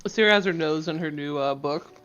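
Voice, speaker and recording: A woman's voice: low voice, a little fast, a bit bright. A woman playing a tabletop game, giggling as she narrates what her character does. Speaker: player. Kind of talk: tabletop role-play narration. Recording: dull, lo-fi audio.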